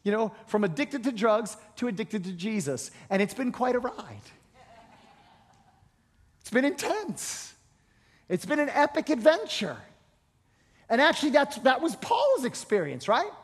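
A man's voice: very high voice, big pitch swings, unhurried, pauses often, breathy edge. A male pastor preaching a sermon, emphatic and repetitive, often restarting words as he presses a point. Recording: reverberant hall.

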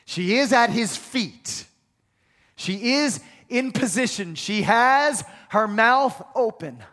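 Male pastor, emphatic and repetitive sermon delivery with call-and-response, high voice, long church-hall reverb. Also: animated, slow, fairly bright tone. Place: church sanctuary.

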